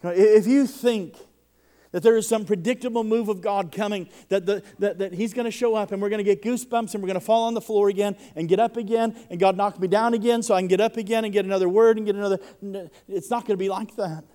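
A man's voice: high-pitched, fairly even intonation, fast, warm tone. A man preaching a sermon to a congregation, impassioned, often doubling the first word of a sentence as he builds. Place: church service before a congregation.

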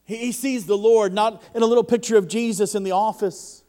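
A man's voice: high-pitched, steady tone, fairly quick, mellow. A man preaching a sermon to a congregation, impassioned, often doubling the first word of a sentence as he builds. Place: church service before a congregation.

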